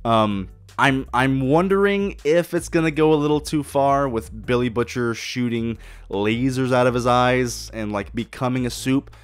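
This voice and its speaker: A man's voice: mid-range voice, normal speed, few pauses, clean tone, dry recording, faint music behind. A man hosting a solo podcast, talking casually and enthusiastically with lots of swearing and restarts. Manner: enthusiastic, profane, rambling with restarts. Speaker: podcast host.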